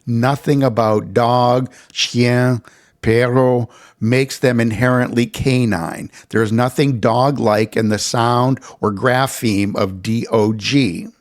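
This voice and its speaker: A man, an author, explaining his book in a scripted philosophical talk with dry, measured delivery and wry asides. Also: mid-range voice, fairly even intonation.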